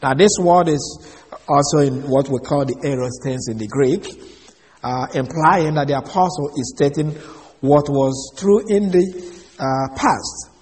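A man giving an expository Bible lesson, measured and explaining Greek words one by one. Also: a little high, darkish tone, in a large hall. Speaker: Bible teacher.

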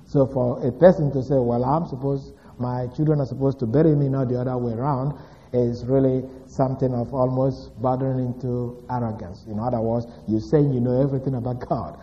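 A male preacher reviewing last week's lesson, pausing on fillers and then pressing hard on single words. His voice carries a long hall reverb, and the recording sounds dull and muffled. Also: mid-range voice, fairly even intonation, a little hiss or hum. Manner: deliberate, many "uh" fillers, rises to stress key words. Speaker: pastor. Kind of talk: sermon recap.

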